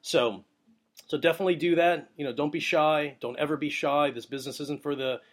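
A young adult man hosting a show, telling a rambling casual story and giving advice, with many fillers and excitable bursts. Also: fairly high pitch, brisk. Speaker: wedding photographer, podcast host.

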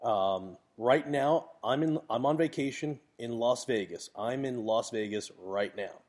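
A wedding photographer, giving blunt, chatty business advice in a casual monologue. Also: male voice, mid-range voice, measured pace, a little mellow. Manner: blunt, chatty, swears a little.

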